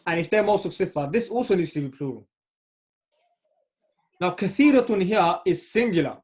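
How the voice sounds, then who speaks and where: A man's voice: high voice, lively intonation, normal speed, darkish tone. A man teaching an Arabic grammar class, patient and often checking understanding. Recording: dull lo-fi audio.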